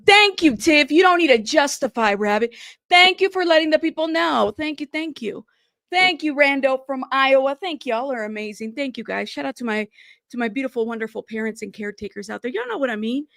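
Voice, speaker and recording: A woman's voice: high voice, gravelly, a bit bright, dry recording, studio quality. A woman hosting a casual live stream from home, chatty and apologetic, constantly thanking her viewers and calling them "y'all.".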